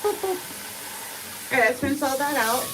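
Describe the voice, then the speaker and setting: A woman's voice: high-pitched, animated, moderate pace. A woman cat groomer giving a live grooming demonstration, talking to the cat in playful sing-song baby talk. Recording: loud background noise.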